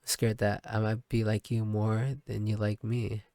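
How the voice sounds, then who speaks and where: A man voicing a cheerful young girl who turns heartbroken and clingy, speaking softly and haltingly while reading a visual novel aloud. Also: on the low side, monotone, no room sound, clean studio sound. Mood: pleading.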